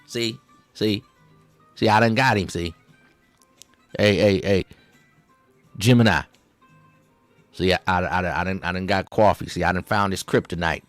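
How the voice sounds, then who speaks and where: With soft music behind him and no room sound, a low-pitched man speaks a little slowly with fairly even intonation and long pauses. He's doing satirical commentary on clips, rambling in a Southern drawl and slang, repeating "see," and restarting often.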